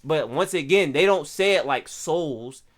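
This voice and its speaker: A man's voice: on the high side, animated, a little slow, a bit bright. A young man from Pittsburgh with a local accent, casually explaining things to his stream viewers in loose street slang and often checking in with "right?".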